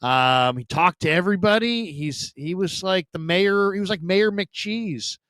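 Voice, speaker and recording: A man, a sports radio host, telling stories in a casual, animated way and mimicking other people's voices. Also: a little slow, clear, resonant tone, no echo. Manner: animated, mimics voices with big pitch jumps. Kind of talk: casual storytelling chat.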